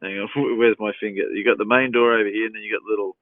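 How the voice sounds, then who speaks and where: A lowish, fairly even-toned man rattles through a casual live Q&A at rapid-fire speed, reading viewers' questions aloud with easy amusement and plenty of chuckles. The phone livestream audio is dry and tinny.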